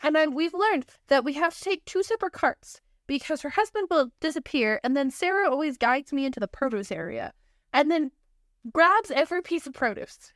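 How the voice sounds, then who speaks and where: A woman's voice: high-pitched, animated, normal speed, no room sound, studio quality. A woman co-hosting a podcast, chatting casually with blunt, sarcastic storytelling. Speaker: podcast co-host. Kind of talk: casual chat.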